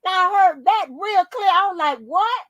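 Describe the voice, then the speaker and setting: This is a woman with a high-pitched voice in a dry, close recording. She is riffing through casual vlog commentary. She is animated and profane and keeps laughing. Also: normal speed, no room sound, lo-fi sound. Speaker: YouTube commentator.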